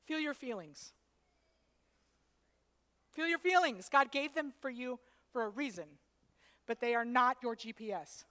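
A woman preaching a sermon, rising from soft, intimate passages to loud, shouting peaks. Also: on the high side, lively intonation, a little slow, pauses often. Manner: preaches in rising waves, building to shouts then dropping soft.

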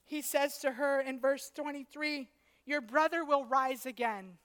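A woman delivers a sermon in a high, bright register. She moves slowly and deliberately, building passages into loud, ringing declarations before falling back to soft, close speech. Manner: preaches in rising waves, building to shouts then dropping soft. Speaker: preacher.

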